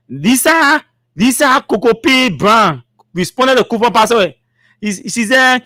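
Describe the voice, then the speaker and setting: A man's voice: high voice, lively intonation, a little fast, a bit bright, no echo, studio quality. A man with a Liberian English accent hosting a talk show, reading out social media comments with mocking asides and laughter. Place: studio.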